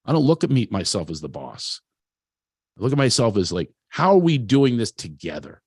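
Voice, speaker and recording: Candid low-voiced man telling his story. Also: sing-song, moderate pace, a little mellow, breathy edge, no room sound, studio quality. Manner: confessional, self-deprecating, loose with restarts. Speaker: producer and speaker at a talent event. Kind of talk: candid motivational storytelling talk.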